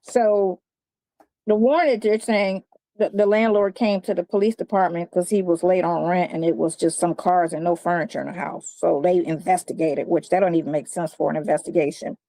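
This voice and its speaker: A woman's voice: on the low side, steady tone, a little fast, dark tone, no echo. A woman explaining a legal case in a rambling way, trailing off with filler sounds. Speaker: commentator.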